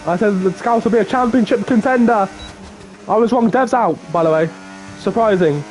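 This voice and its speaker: Male race caller, high-pitched, excitable, shifts from quiet asides to big outbursts, faint hiss. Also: moderate pace. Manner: excitable, swings from low murmurs to loud shouts. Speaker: race commentator. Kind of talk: live sim racing qualifying commentary.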